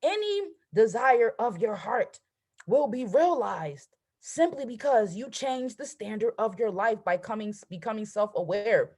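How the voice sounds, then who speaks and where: A woman's voice: on the high side, animated, a little slow, a little mellow. A woman in her twenties, a trading coach hosting a motivational live stream over a video call, talking emphatically and asking "right?" at every turn. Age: 20s.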